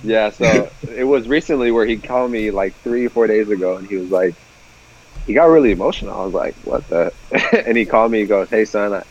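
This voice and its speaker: A man's voice: fairly low pitch, muffled recording. A man, a pro baseball player guesting on a podcast, telling an emotional story with many halts. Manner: emotional, halting. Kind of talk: casual chat.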